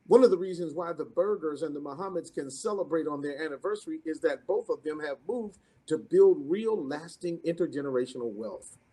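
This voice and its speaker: A man's voice: fairly high pitch, husky. A man hosting an online business event, introducing the next speaker in a rhythmic, preacher-like style with repeated calls to the audience. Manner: preacherly, rhythmic repetition, rising to excited calls. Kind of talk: energetic motivational introduction.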